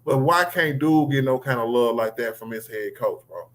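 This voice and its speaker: A man's voice: medium pitch, moderate pace, a bit bright, poor audio. A man hosting a casual sports livestream, talking loosely with slang and calling on guests by name. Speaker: livestream host.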